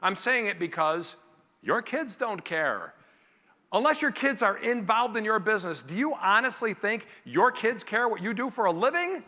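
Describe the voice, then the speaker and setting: A man delivers a motivational keynote to a conference crowd. His high voice swings widely and sounds bright and forceful. It rings through a large hall with a long reverb tail. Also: normal speed. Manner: animated, acts out family scenes in character voices. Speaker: keynote speaker.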